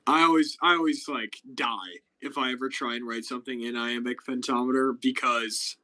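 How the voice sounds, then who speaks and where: A man's voice: mid-range voice, fairly even intonation, moderate pace, pushed and bright, rough recording. A young man hosting a casual live stream chat, explaining things with lots of fillers and restarts. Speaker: podcast host.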